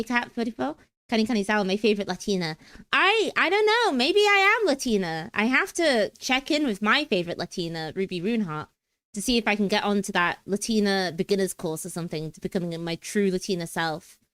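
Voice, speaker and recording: A playful young woman with a British accent, chatting casually on a stream with giggly, stumbling restarts. Her voice is mid-pitched and dry, close to the mic. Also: fairly bright tone, no room sound.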